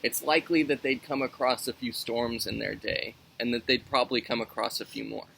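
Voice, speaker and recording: A man gives a casual youth Sunday school lesson outdoors, friendly and conversational. His voice is bright and forward, with a gravelly fry under it. Faint noise from outside sits behind him. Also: medium pitch, fairly even intonation, a little fast, low-quality recording. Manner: friendly, conversational teaching with scripture reading. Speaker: youth minister.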